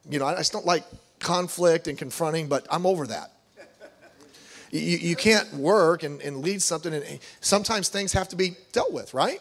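Middle-aged male pastor, high voice, animated sermon delivery with acted-out quotes. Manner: animated, acts out quoted voices, reads scripture aloud.

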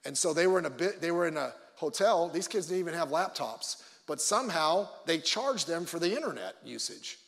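A male pastor preaching a conversational sermon with joking asides, swinging between loud emphasis and quiet low remarks. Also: animated, a little fast, vocal fry, few pauses, in a large hall.

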